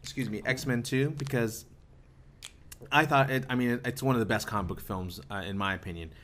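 A man's voice: medium pitch, fairly quick, fairly bright tone. A man hosting a casual movie podcast roundtable, often stammering and restarting his sentences. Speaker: podcast host.

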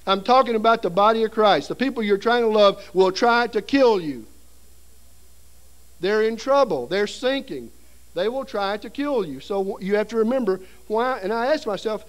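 A middle-aged man with a high-pitched voice and lively intonation preaches at a seminary seminar at normal speed. Before an audience in the seminary hall, he tells a humorous story, acting out voices and sounds.

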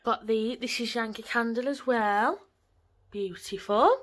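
A woman's voice: on the high side, unhurried. A woman, chatting casually and rambling on in a home vlog from her living room. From England. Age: 20s. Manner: chatty, rambling, swears lightly. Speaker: vlogger.

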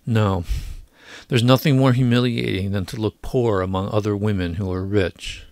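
A man's voice: lowish voice, fairly even intonation, normal speed, a little mellow, no echo, lightly acted. A man reading the part of a discontented young wife who complains in clipped, petulant lines. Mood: plaintive.

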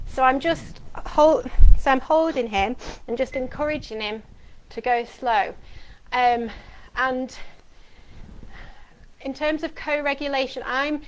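A middle-aged woman with a somewhat high voice, speaking as an occupational therapist. She projects clearly and explains each step calmly and practically. A faint hiss sits under the voice. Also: slow pace, poor audio. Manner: calm, practical explanations to parents. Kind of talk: instructional demonstration.

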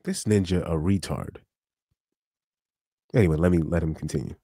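A man giving casual reaction commentary on a live stream clip, animated, with stammering restarts and frequent laughs. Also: sits low, moderate pace, vocal fry, husky.

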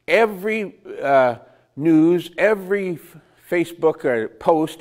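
A man preaching a conversational sermon, asking the congregation rhetorical questions and chuckling between points. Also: high voice. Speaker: pastor.

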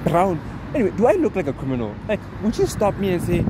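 A young man from South Africa, a student, telling a story to his vlog in a lively, animated way and acting out the other people in it. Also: sits high. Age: young adult. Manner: animated, acting out dialogue in quick bursts. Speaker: vlogger. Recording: outdoor street noise.

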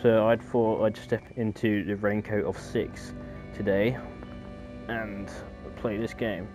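A man's voice: fairly low pitch, flat delivery, takes it slowly, music in the background. A man giving casual, jokey let's-play commentary on a horror game, easily startled and chatty. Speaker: gaming YouTuber.

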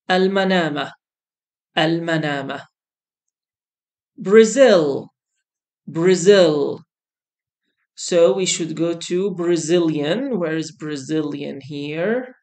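Woman english teacher, real slow, says every word twice, lowish voice. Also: animated, a little mellow. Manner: says each word twice, slowly and clearly. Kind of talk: slow beginner English lesson, repeating words.

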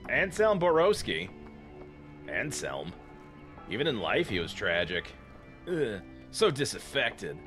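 A man narrating his own let's play with a dry, joking edge. His voice is bright and moves up and down a lot. Faint game music plays underneath. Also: mid-range voice. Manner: joking, sarcastic. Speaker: gaming channel host.

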